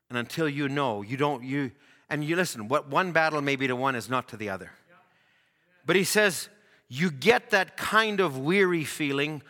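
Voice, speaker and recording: A man's voice: fairly high pitch, pushed and bright. A man preaching a sermon earnestly, building emphasis through rhythmic repetition. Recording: long reverb of a church hall.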